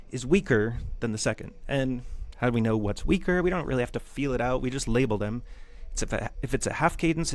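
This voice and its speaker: A man teaching music theory in a loose, conversational lecture with jokey asides. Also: mid-range voice. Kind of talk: casual lecture.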